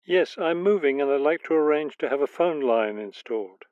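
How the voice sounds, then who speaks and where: A man's voice: fairly high pitch, animated, moderate pace, a little mellow, smooth, dry recording, natural voice. A man playing an office manager who calls to arrange a phone line in a scripted exam dialogue, giving plain, cooperative answers. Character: polite male office manager calling to order a phone line. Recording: tinny dry phone-like studio audio.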